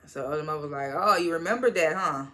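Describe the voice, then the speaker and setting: A woman's voice: sits low, fast, a bit bright. A woman casually recapping a TV episode, retelling scenes by quoting each character in turn and laughing at them. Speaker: TV show reviewer.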